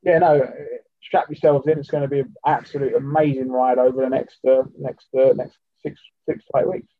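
A man's voice: medium pitch, fairly even intonation, moderate pace, phone-quality sound. A man talking as a podcast guest in casual football chat, rambling and leaning on fillers and restarts.

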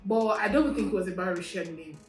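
A woman's voice: mid-range voice, fast. A woman guest on a podcast in casual chat, telling a story with fillers, acting out quoted messages in an amused tone. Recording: echoey room with faint music.

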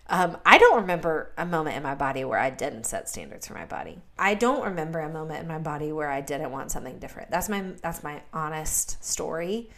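A woman in her thirties talks with earnest conviction, leaning on repetition to press her points. Her voice sits a little low for a woman. She sounds like a guest in a relaxed faith-based podcast chat. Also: brisk, hardly any pauses. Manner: earnest, repeats words for emphasis. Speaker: guest speaker.

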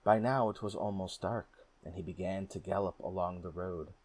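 A man narrating a folk tale in a steady, measured storybook reading. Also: deep voice.

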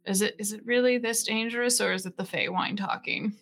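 A woman voicing a gentle, anxious father who speaks quietly and with worry. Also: deep voice, expressive, rapid-fire, gravelly, breathy edge, pitched below the performer's own voice, exaggerated voice. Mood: worried. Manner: hushed, soft, worried. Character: anxious, gentle fantasy father, hushed worrier. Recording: faint background music.

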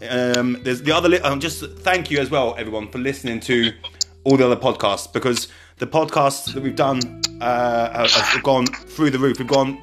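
A man's voice: mid-range voice, fairly bright tone. A man hosting a podcast in a casual, rambling way, restarting his sentences often and keeping the interview moving. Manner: chatty and rambling, many restarts. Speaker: podcast host.

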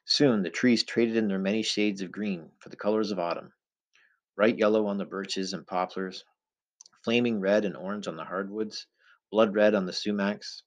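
Low-voiced man reading a first-person story. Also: fairly even intonation, normal speed. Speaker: audiobook narrator.

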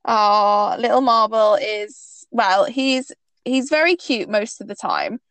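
A woman's voice: medium pitch, lively intonation, slow pace, fairly bright tone, no room sound, low-quality recording. A young woman from the Northeast of England, co-hosting a podcast and telling stories in casual chat, with many "like"s. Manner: chatty storytelling, lots of "like". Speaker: podcast co-host.

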